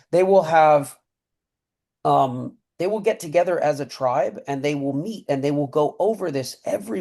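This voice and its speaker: A man's voice: fairly high pitch, creaky, darkish tone. A man who mentors traders, guiding a group through a breathing and mindset exercise on a webinar and checking in with "okay?" and "right?" as he goes. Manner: coaching, repeats "okay?" and "right?". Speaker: trading mentor leading a webinar.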